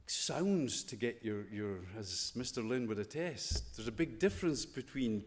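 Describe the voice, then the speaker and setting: A man's voice: mid-range voice, lively intonation, a little slow. Scottish guy chatting through a school chapel talk, lots of questions to the kids, big echoey chapel. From Scotland. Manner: conversational, playful, full of rhetorical questions. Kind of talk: informal chapel talk to students.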